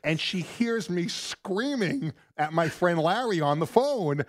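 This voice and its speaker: A man's voice: sits high, lively intonation, takes it slowly. A middle-aged man co-hosting sports talk radio, telling a story in a rambling way with many restarts.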